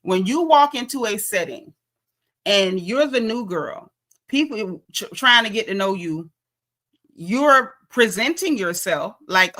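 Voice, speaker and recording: Sassy, bright-voiced woman recapping reality TV. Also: mid-range voice, slow. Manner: sassy, animated, slangy gossip. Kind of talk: casual reality show recap commentary.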